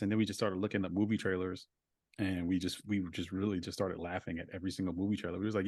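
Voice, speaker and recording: Low-voiced reflective male voice actor. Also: fast, a bit bright, dry recording, studio quality. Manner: reflective, heavy filler words. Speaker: voice actor guest. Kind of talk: casual interview talk. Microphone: video call.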